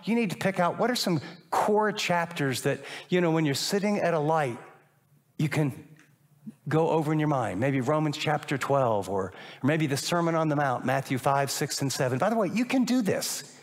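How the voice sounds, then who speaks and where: An older man preaching a sermon as a pastor, animated and acting out little dialogues. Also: on the high side. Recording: long reverb of a large hall.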